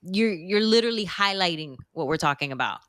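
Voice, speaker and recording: Podcast co-host, female, lowish voice, animated and emphatic, dry close sound. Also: brisk, no room sound. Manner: animated, emphatic, laughs often. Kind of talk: casual chat.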